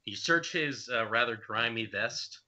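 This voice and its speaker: A man's voice: medium pitch, expressive, a little slow, pushed and bright, a little hiss or hum. A young man running a tabletop game as game master, narrating in a loose, hesitant way with many fillers, on dull lo-fi stream audio.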